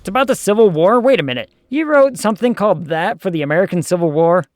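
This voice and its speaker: A man with a slightly high voice chats his way through a game stream, thinking out loud and joking with his viewers. He sits close to the mic, and the sound is dry with no room echo. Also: animated, fast. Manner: chatty, thinks aloud, jokes with chat. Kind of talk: casual game commentary.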